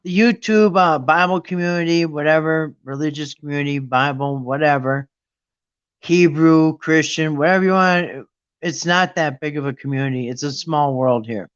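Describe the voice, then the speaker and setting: A man's voice: fairly high pitch, normal speed, smooth, dull audio. A man hosting a casual live stream, talking in an indignant, mocking way and rambling with restarts. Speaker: livestream host.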